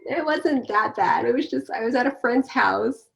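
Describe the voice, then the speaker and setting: A woman's voice: a little high, moderate pace, vocal fry, fairly bright tone. A woman guest in a casual interview, speaking candidly and telling stories with animation.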